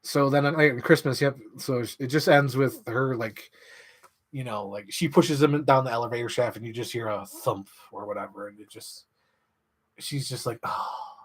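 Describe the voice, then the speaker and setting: A man in an excited, rambling monologue, swearing freely and filling his talk with "like". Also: medium pitch, normal speed. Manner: enthusiastic, profane, filler-heavy. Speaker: channel host.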